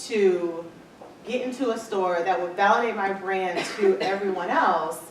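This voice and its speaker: A woman speaker telling her business story to an audience, acting out quoted dialogue as she goes. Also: mid-range voice. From Michigan, USA. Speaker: entrepreneur speaker. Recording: echoey hall, far from mic, faint noise.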